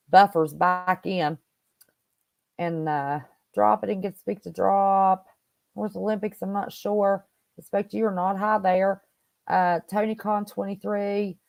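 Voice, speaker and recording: A woman hosts a casual livestream and chats with her viewers, greeting them by name. Her voice sits at a middle pitch. The sound is dry, with no room echo. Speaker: host. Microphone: home computer mic on wired connection.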